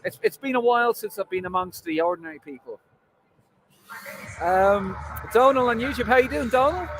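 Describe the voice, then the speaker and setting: An Irish man hosts a live football fan stream from a stadium, bantering and joking with viewers' comments as he reads them, using lots of fillers. His voice is high-pitched and a bit bright at normal speed, on a low-quality recording with a little hiss or hum.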